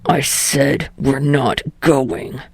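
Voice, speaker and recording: A woman voicing a surly young man who swears and speaks in gruff, curt bursts. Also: a bass voice, flat delivery, very slow, darkish tone, no room sound, pitched below the performer's own voice, full character voice.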